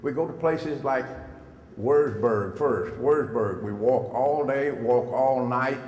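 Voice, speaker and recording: Speaking slowly in a darkish, medium-pitched voice, an older man recounts his story to a room of students, folksy and full of direct questions. The handheld mic picks up the echo of the school hall and faint noise.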